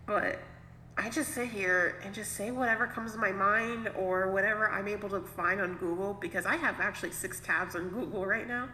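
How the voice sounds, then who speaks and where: Bright-voiced jokey woman co-host. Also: mid-range voice, moderate pace. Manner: jokey, rambling, self-deprecating. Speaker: podcast co-host. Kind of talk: casual chat. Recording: echoey room, faint noise.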